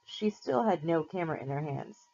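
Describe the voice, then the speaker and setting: A woman teacher reads a novel aloud to her class in a steady, plain storytelling manner. Her voice sits fairly low, and the recording sounds slightly muffled and lo-fi. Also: normal speed, creaky, breathy edge.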